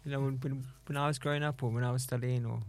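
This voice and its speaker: A man's voice: medium pitch, steady tone, racing. A man in his fifties, a musician guest in casual conversation, talking loosely with lots of "like" and "you know". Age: 50s.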